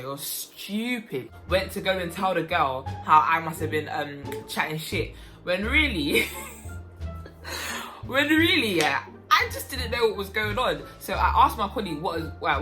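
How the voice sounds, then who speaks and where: Young woman, low-pitched, animated storytime vlog, music behind. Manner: animated, swings into loud high outbursts. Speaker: waitress telling a story.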